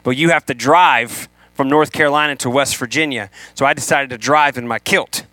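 A man preaching a sermon to a room, animated, acting out the people he quotes. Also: mid-range voice, normal speed, no echo. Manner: animated, acts out quoted voices.

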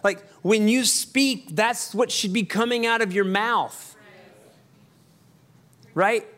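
A man preaching a sermon as pastor, conversational with quick asides and emphatic repetition. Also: sits high, fairly bright tone.

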